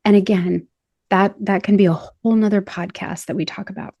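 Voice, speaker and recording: Animated woman on a podcast. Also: mid-range voice, brisk, no echo, lo-fi sound. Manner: animated, laughs often, acts out quotes. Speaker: podcast host and body image coach. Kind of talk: casual podcast conversation.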